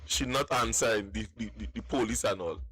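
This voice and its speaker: A man's voice: on the low side, fairly quick, fairly bright tone, slightly rough, dry recording. A man, calling in to tell a long personal story, rambling and repeating words. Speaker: caller.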